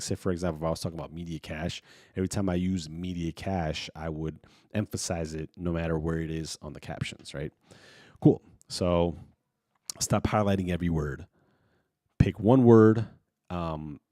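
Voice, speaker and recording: A man giving a casual software tutorial, thinking aloud and filling pauses with ums and you knows. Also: sits low, no room sound, studio quality. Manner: relaxed, thinking aloud with many fillers. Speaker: video editing tutor. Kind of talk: casual screen-recorded tutorial.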